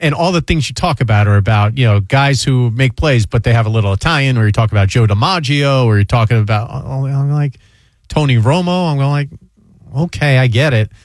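A man's voice: medium pitch, brisk, dry recording. A man from New York, a radio host in casual chat, telling stories animatedly and acting out what others said. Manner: animated storyteller, acts out quoted voices.

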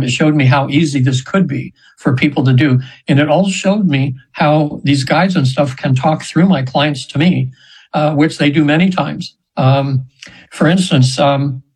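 A man in his seventies, a hypnosis practitioner, telling stories in a chatty, rambling way with laughs and quick high voices for the people he quotes. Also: darkish tone, breathy edge, low-quality recording. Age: 70s. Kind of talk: storytelling in an interview.

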